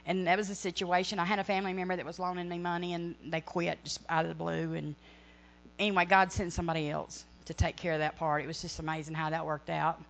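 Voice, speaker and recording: A woman's voice: lowish voice, flat delivery, fast, creaky. Earnest woman telling a testimony. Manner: earnest, rambling, self-correcting storytelling. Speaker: ministry speaker. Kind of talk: testimony sharing.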